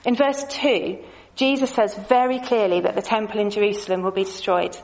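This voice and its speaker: A woman giving a measured, clearly explained Bible lesson, with a few light asides to her audience. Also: medium pitch, steady tone, low-quality recording. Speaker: Bible teacher. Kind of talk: scripted lesson with slides.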